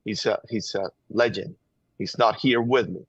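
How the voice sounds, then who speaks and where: A man's voice: on the low side, normal speed, slightly rough, dry recording, highs cut off. A man with a Venezuelan Spanish accent, a guest giving impassioned interview answers in an emphatic, urgent way, often repeating words as he presses his point. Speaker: guest, gun-violence activist.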